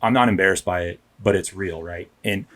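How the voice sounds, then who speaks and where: A man's voice: deep voice, brisk, fairly bright tone. A man, a police officer, telling his story candidly and emphatically in a casual podcast interview, often checking in with "right?". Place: podcast studio.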